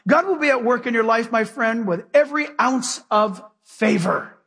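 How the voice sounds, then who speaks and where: Male pastor, high and husky, folksy and emphatic, preaching in a church with long hall reverb. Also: lively intonation, normal speed, fairly bright tone. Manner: emphatic, folksy preaching with direct questions to the congregation. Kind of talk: sermon. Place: church sanctuary with a live congregation.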